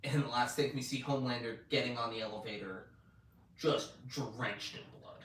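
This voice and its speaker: A man's voice: mid-range voice, normal speed. A man chatting casually on a podcast, retelling scenes with energy and swearing freely. His voice sits in a mid range and sounds a little far from the mic. The room is echoey, with a faint hiss of noise behind him. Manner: animated retelling, acts out quoted lines, swears often. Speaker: podcast co-host. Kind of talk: casual recap chat. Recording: roomy echo, mic at a distance, faint noise.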